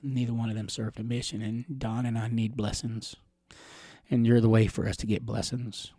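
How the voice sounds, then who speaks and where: A middle-aged man from the Catawba Nation telling personal stories in an interview, rambling gently with chuckles and fillers. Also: mid-range voice, level tone, normal speed, breathy edge, dry recording, studio quality. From Catawba Nation, Carolinas, USA.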